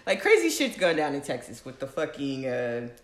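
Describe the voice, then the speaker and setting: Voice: medium pitch, wildly swooping pitch, moderate pace, fairly bright tone. A podcast co-host in their own apartment, ranting in casual chat with exasperated, profane remarks. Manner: profane, exasperated, laughs between points. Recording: roomy echo.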